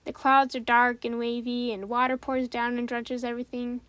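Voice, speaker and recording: A woman voicing a kind young schoolboy friend who speaks gently and hesitantly, slowing down when he explains something. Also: a little high, little pitch movement, no echo, lightly acted. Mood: thoughtful.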